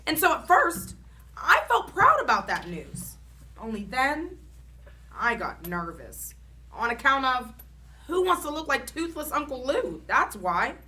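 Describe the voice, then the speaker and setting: Animated woman reading a children's book. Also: sits high, measured pace. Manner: expressive, animated storytelling. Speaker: children's storytime reader.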